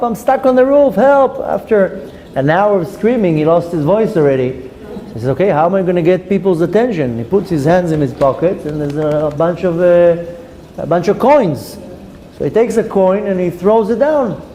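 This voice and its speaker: A man teaching a Torah class, a lively storyteller who acts out the characters in his stories. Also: a little high, slight background noise, rough recording. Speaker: rabbi.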